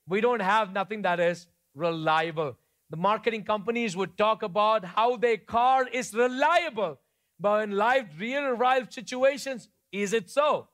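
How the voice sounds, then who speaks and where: A man from India, preaching a sermon in a conversational way that moves between soft storytelling and emphatic points. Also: sits high. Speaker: pastor.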